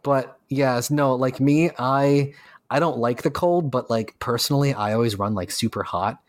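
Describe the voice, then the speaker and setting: A man's voice: mid-range voice, normal speed, no echo. A man co-hosting a podcast in casual, joking chat, rambling with lots of filler words. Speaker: podcast co-host.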